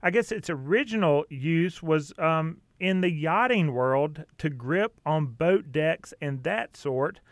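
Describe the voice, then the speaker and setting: A man hosting a casual outdoor-gear radio talk show, chatty and quick to laugh. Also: fairly high pitch, animated, no echo, studio quality. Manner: chatty, laughs easily, some fillers.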